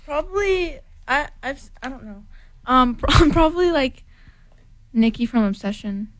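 A woman's voice: sits high, animated, unhurried, no echo. A teenage girl as an interview guest, shy and giggly with short answers. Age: teens. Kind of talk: casual interview.

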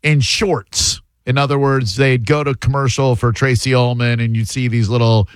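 A man hosting a call-in radio show, chatting in a casual, animated way with quick asides. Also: medium pitch, smooth, no room sound.

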